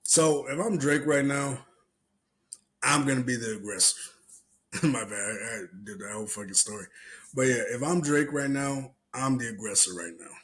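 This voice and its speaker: A man's voice: mid-range voice, normal speed, poor audio. Profane man telling stories on a podcast. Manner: profane, animated storyteller who acts out other people's lines. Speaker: podcast host. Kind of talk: solo podcast commentary and storytelling.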